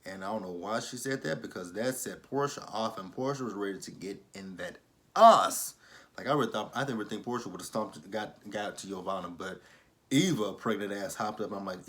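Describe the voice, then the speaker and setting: A young man with a somewhat low-pitched voice talks casually through a reality show recap. He is blunt and swears a lot. When he acts out what people said, his voice swings sharply up and down. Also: fairly quick. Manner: animated, profane, re-enacts quotes with swings in pitch.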